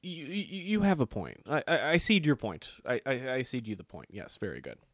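A man's voice: medium pitch, very animated, normal speed, no echo, clean studio sound. A man, co-hosting a casual chat and telling stories animatedly, swearing freely and acting out other people's lines.

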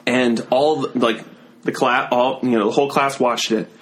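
A man's voice: medium pitch, fairly even intonation, normal speed, a bit bright. A man guesting on a podcast, telling a story in casual chat with lots of restarts and self-deprecating asides.

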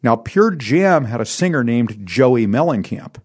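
A middle-aged man with a voice of ordinary pitch, chatting casually as a concert promoter. He rambles from anecdote to anecdote with a wry, joking humor. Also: sing-song, a little slow, darkish tone. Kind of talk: casual storytelling chat.

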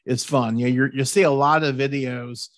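A man's voice: mid-range voice, fairly even intonation, moderate pace, dry recording, clean studio sound. A man hosting a hunting show, talking in a folksy, repetitive, pushy way. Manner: folksy, repeats words, pushy about tips. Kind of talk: casual podcast chat.

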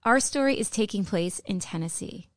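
A woman's voice: medium pitch, lively intonation, moderate pace, dry recording, studio quality. A middle-aged woman co-hosting a podcast, chatting and telling a history story. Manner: chatty, laughing, breaks into sung lines. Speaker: podcast co-host.

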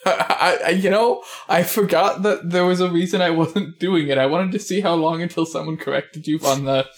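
Wry, halting podcast co-host. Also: medium pitch, fairly even intonation. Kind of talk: casual podcast chat.

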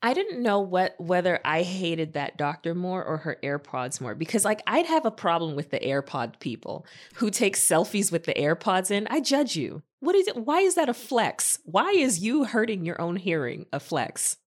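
Woman podcast co-host, low-set and very animated pitch, wry and playful. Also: normal speed, few pauses. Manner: playful, wry, laughs often. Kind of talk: casual TV recap chat.

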